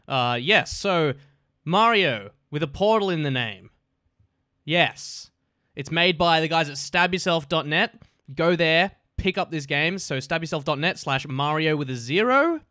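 A man's voice: on the high side, pushed and bright, no echo, clean studio sound. A man giving casual, crude and jokey gameplay commentary as host of his gaming videos.

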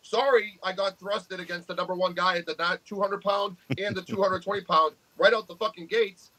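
Brash profane man, high bright voice. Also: steady tone, fairly quick, poor audio. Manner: profane, brash trash talk. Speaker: podcast co-host, arm wrestler. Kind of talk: casual podcast chat.

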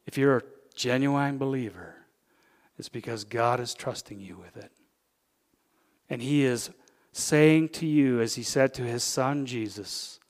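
Canadian pastor preaching in a reverberant hall. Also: male voice, mid-range voice, measured pace. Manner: swings between loud emphatic peaks and hushed intimate asides. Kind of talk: sermon. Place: church sanctuary.

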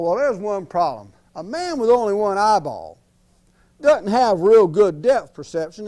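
A man telling a folksy tall tale, laughing along and acting out sound effects. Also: sits high. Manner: animated, laughs at his own story, acts out sound effects. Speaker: storyteller.

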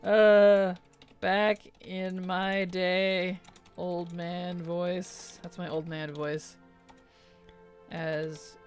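A young adult woman live-streaming a game in casual chat, reading viewers' messages aloud, answering them and laughing often. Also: on the low side.

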